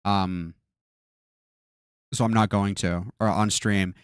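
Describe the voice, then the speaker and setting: A man's voice: fairly low pitch, steady tone, takes it slowly, clear, resonant tone, dry recording, studio quality. A man streaming a reaction, exasperated, swearing often and repeating himself. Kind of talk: live-stream reaction commentary.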